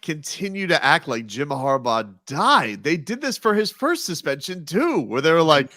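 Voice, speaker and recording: Bright, lively man on sports radio. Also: a little high, moderate pace, dry recording, clean studio sound. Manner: incredulous, joking. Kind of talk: casual sports talk.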